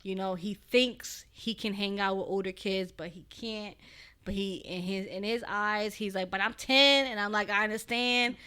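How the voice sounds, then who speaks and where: A woman of Puerto Rican background talks casually as a podcast guest, her voice bright and clear. She tells stories with lively energy, jumping into loud acted-out quotes. Her pitch sits in a middle range for a woman. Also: moderate pace. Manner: animated storytelling, acts out quotes loudly. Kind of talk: casual chat.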